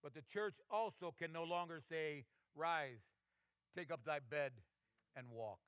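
A man preacher voicing a solemn medieval theologian, grave and deliberate. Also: a little high, fairly bright tone, clear, resonant tone, no echo, pitched below the performer's own voice.

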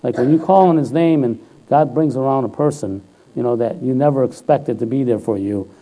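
A man preaching a sermon in an informal, chatty way, often checking in with "all right?" and rising loud and high when he exhorts or quotes. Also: brisk, low-quality recording.

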